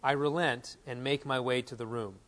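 A man in his thirties preaching a sermon, earnest and animated, reading quotes aloud and telling stories from home. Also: mid-range voice, moderate pace. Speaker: pastor.

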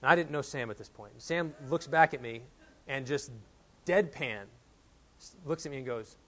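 A man's voice: medium pitch, normal speed, a bit bright. A man from Texas in his thirties preaching a sermon as a pastor, telling a personal story and building to emphatic points.

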